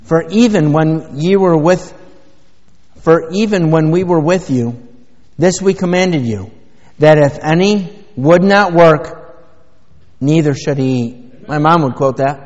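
Here a man preaches from the sanctuary, speaking slowly in a slightly high, slightly mellow voice. He drives his message home emphatically through rhetorical questions. The audio is lo-fi and dull, with a long reverb tail from the church.

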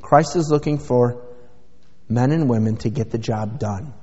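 A man's voice: medium pitch, a little slow, darkish tone. Preaching man in an echoing church. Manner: emphatic preaching with rhetorical questions. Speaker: pastor. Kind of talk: sermon. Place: church sanctuary. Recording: dull lo-fi sound with long church reverb.

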